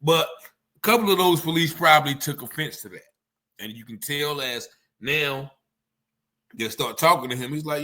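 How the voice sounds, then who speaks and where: Man, casual commentary, bright forceful voice, fairly high, rambling and animated. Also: moderate pace. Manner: animated, rambling, acts out quotes.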